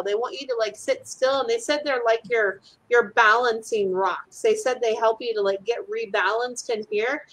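Bubbly, fairly high-voiced woman. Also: steady tone, moderate pace, few pauses, a bit bright, poor audio. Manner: bubbly, acts out voices in quotes, many "like" fillers. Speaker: animal communicator. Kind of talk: casual chat.

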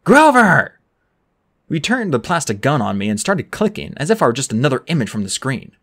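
Lively audiobook reader, pitch bouncing all over, doing voices for everyone. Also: fast. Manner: animated, voices every character. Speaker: audiobook narrator. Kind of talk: first-person novel reading.

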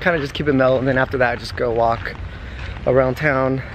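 A man's voice: mid-range voice, fairly even intonation, fairly quick. Laid-back joking young man outdoors. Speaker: travel vlogger. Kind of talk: casual travel vlog chat. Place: outdoors at a beach and town streets. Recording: noisy outdoor street sound.

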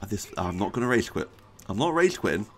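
Let's-play streamer, wild pitch swings, flips from mumbles to shouts, desk mic. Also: fast, husky. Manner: excitable, swings from muttering to yelling. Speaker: gaming YouTuber.

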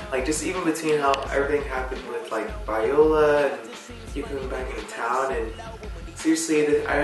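Hesitant young man, echoey and distant. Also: medium pitch. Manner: rambling, hesitant, trailing off. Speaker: interviewer and friend giving a birthday tribute. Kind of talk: casual birthday video message. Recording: very echoey room, far from the mic, music playing.

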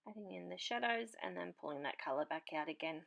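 Woman, papercraft tutorial host; low voice with gravelly fry, relaxed chatty delivery while working. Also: fast. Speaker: papercraft host demonstrating marker colouring. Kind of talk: casual tutorial voice-over.

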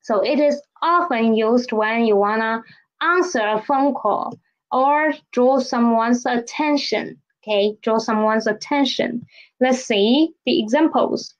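A woman teaching a Mandarin lesson in English, explaining slowly and repeating key phrases with "okay?". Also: on the high side, lo-fi sound. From Philippines. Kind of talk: language lesson.

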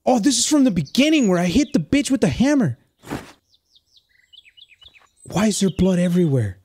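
This man talks through a horror game, swearing freely and tossing in Spanish slang. His pitch jumps around constantly, with lively swings between high and low. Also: moderate pace, husky. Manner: swears a lot, thinks out loud. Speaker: gaming YouTuber. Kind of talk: reacting to a horror game playthrough.

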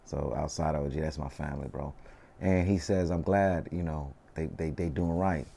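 A man in his thirties with a Southern Californian accent, telling stories in a relaxed, slangy way during a casual interview, full of "you know what I mean". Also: rumbling low, moderate pace, gravelly, slightly rough. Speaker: interview guest, rapper.

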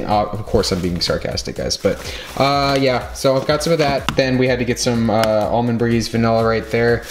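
A man talking casually to his viewers in a vlog, chatty and rambling with quick jokes. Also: mid-range voice, noisy background. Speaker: vlogger.

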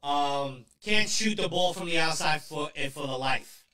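A man co-hosting a casual podcast as a coach, talking loudly and profanely with lots of excitement. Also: a little high, a little slow, reverberant, recorded from a distance.

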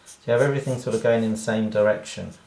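A man's voice: lowish voice, fairly even intonation, rapid-fire, creaky, a little mellow. A man, a cartoonist, talking through a casual drawing tutorial in a rambling, self-deprecating way and laughing at his own jokes. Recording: roomy echo.

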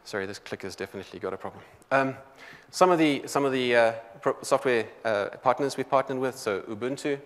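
A man with a South African accent giving a technical conference talk, talking quickly with many fillers and restarts. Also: medium pitch, long reverb tail. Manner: quick, loose delivery full of "um" and restarts. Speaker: conference presenter. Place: large conference hall.

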